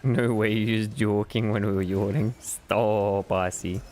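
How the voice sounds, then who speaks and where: A man's voice: fairly low pitch, steady tone, a little slow, a little mellow. A man streaming a game live, sleepy and yawning, chatting loosely with his chat and swearing often. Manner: loose, profane banter with chat.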